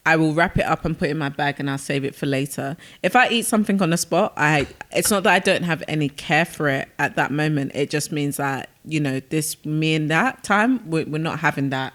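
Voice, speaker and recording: A woman, co-hosting a podcast and telling lively stories in casual, slangy chat. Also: deep voice, brisk, hardly any pauses. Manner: animated storyteller with slang, many restarts. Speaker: podcast co-host.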